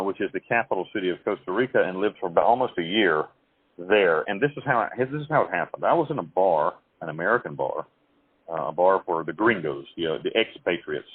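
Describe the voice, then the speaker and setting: A man on a tinny, phone-like line, telling his own stories in a low, husky voice. He rambles along with restarts and quick acted-out quotes. The sound is dry and close. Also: no echo. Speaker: interview guest.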